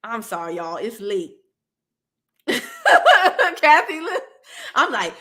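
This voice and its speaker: Lady chatting on a live stream, high bright voice, laughs a lot, talks right to the viewers. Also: huge pitch swings, slow. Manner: chatty, laughing often, talks straight to her audience. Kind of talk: casual chat to live viewers.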